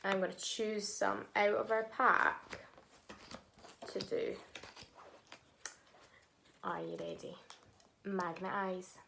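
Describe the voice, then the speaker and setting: A woman teaching a phonics lesson to young children, sounding out words syllable by syllable and praising them warmly. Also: mid-range voice, fairly even intonation, takes it slowly, creaky, long pauses, a little hiss or hum.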